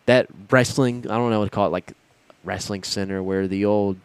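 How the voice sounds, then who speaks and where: A man's voice: fairly low pitch, fairly even intonation, a little fast, slight background noise. A young man co-hosting a college sports podcast, chatting casually and rambling with restarts. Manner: laid-back, rambling with restarts. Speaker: podcast co-host.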